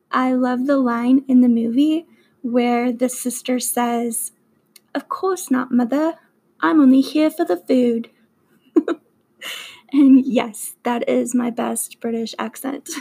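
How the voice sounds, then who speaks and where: A woman's voice: a little high, creaky, dark tone, poor audio. A young woman walking through her list of favorite movies in an earnest, enthusiastic way. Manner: earnest and enthusiastic, with emphatic superlatives. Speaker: vlogger reviewing favorite movies. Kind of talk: slow, deliberate countdown of a movie list.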